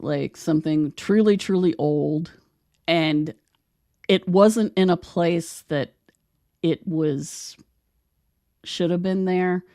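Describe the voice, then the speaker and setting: Woman host from West Virginia, deep and gravelly, rambling chatty storyteller. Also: darkish tone, no echo, studio quality. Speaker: podcast host. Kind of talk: casual conversation.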